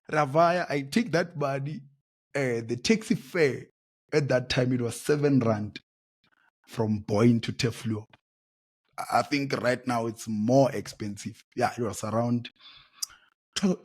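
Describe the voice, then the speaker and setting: A South African man in his late twenties tells his own story on a podcast. His voice is husky and slightly breathy at a middling pitch. He speaks in an animated way, repeats phrases and breaks into loud exclamations. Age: late 20s. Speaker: podcast host. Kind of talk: personal storytelling monologue.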